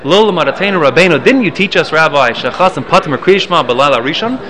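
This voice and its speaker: A man's voice: on the high side, animated, quick pace, a crowd in the background. A man teaching a Mishnah class, reading the Hebrew text and explaining it in English, often restarting and correcting himself. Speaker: Torah teacher.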